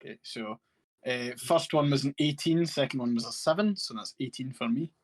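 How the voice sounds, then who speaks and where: A man's voice: medium pitch, normal speed. A man playing in a tabletop game, describing his actions in an easygoing way. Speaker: player. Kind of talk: casual tabletop game chat.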